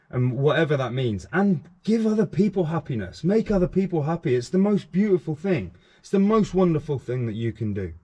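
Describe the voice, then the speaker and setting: A man's voice: on the high side, darkish tone. A middle-aged man talking frankly and earnestly to camera on his own vlog, repeating phrases for emphasis. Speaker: YouTube channel host.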